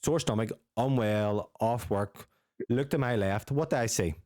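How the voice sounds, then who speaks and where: A young man, telling a sweary, animated story as a podcast co-host. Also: mid-range voice, a little slow, no echo, clean studio sound. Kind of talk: casual storytelling with friends.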